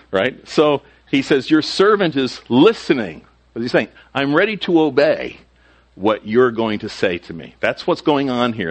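Lively-voiced male pastor teaching scripture. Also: medium pitch. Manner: conversational Bible teaching, acts out quoted lines in a raised voice. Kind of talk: sermon.

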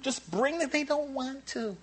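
A man preaching a sermon as pastor, animated and repeating key phrases for emphasis. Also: very high-pitched, measured pace, slight background noise.

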